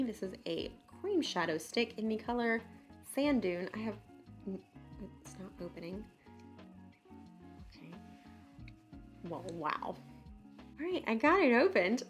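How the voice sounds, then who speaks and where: A bubbly woman in her late twenties talks through her makeup routine in a casual, chatty way. Her voice sits at a middle pitch, and she drops in self-deprecating asides. Soft music plays faintly behind her. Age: late 20s. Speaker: beauty vlogger. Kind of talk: casual makeup tutorial chat.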